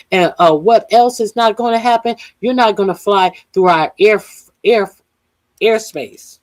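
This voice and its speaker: A woman's voice: mid-range voice, a little slow. A woman hosting political commentary, talking off the cuff with many fillers and blunt, profane remarks.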